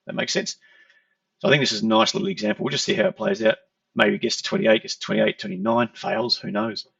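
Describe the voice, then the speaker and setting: A man's voice: lowish voice, big pitch swings, quick pace, creaky, fairly bright tone, no room sound. A man walking through trading charts in a conversational lesson, often checking in with "okay". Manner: explanatory, conversational, repeats "okay". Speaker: trading educator. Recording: dull lo-fi, distant from mic.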